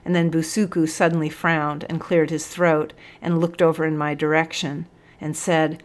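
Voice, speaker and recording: Woman reading a story aloud, low voice. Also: flat delivery, normal speed.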